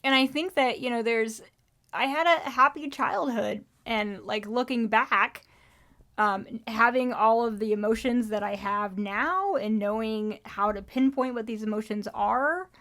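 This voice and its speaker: A woman's voice: on the high side, measured pace, fairly bright tone. Chatty, easily laughing female podcast co-host. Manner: chatty and reflective, laughs easily, uses many fillers. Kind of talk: casual conversational podcast chat.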